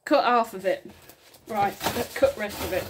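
A woman's voice: mid-range voice, a little slow, noisy background. A woman with a Northern English accent who rambles chattily and talks to herself during a casual unboxing vlog. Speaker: vinyl unboxing vlogger.

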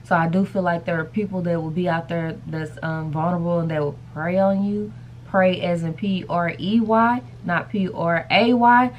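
A woman's voice: fairly low pitch, normal speed, slight background noise. A woman chatting casually to camera in a rambling vlog, calling her viewers y'all and baby. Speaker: vlogger.

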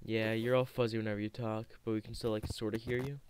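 A man's voice: lowish voice, flat delivery, fast, clear, resonant tone. A man chatting casually with friends while gaming, teasing and sing-song. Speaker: game streamer.

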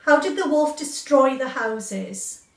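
Woman teacher, high lively voice, slow careful reading, echoey room, distant mic. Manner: slow and clear, repeats each question. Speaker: primary school teacher reading a quiz. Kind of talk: reading quiz questions to children.

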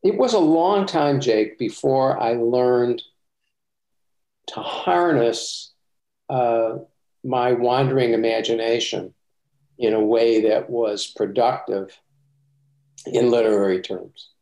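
A male author giving a measured interview answer, pausing often with uhs. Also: medium pitch, warm tone. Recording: roomy echo.

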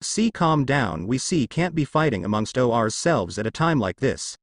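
A man's voice: medium pitch, sing-song, no room sound, clean studio sound. A man voicing a nervous female slug spirit who stutters on her words. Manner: stuttering, halting.

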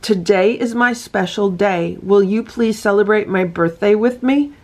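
A woman reading a children's picture book aloud to her cats, gentle and sing-song, breaking off to point at the pictures. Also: mid-range voice, a little slow. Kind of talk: storybook read-aloud with asides.

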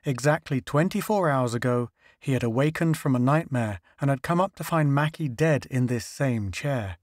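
A man narrating a science fiction story in a steady, even storytelling manner. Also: mid-range voice, normal speed, no room sound, studio quality. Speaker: audiobook narrator. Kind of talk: scripted narration.

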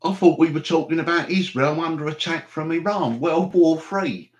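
Man, live-stream host, slightly high voice, digressive, chatty. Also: normal speed. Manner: chatty, digressive, mock-exasperated. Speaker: livestream host. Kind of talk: rambling live-stream chat.

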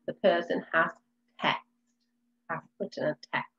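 A woman teaching a recorded phonics lesson to young children, sounding out words slowly and clearly. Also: fairly low pitch, fairly even intonation, fairly bright tone, lo-fi sound. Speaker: reception class teacher.

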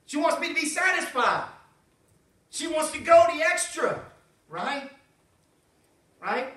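A man pastor, preaching a folksy, animated sermon with frequent asides to the congregation. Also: very high-pitched, slow pace, pauses often. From Southern United States. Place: church sanctuary. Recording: roomy church sound from a distance.

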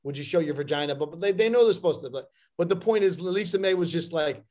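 A male actor telling a lively anecdote in an interview, acting out quoted lines. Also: fairly high pitch, fast, few pauses. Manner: animated storyteller, acts out quotes. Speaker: actor guest.

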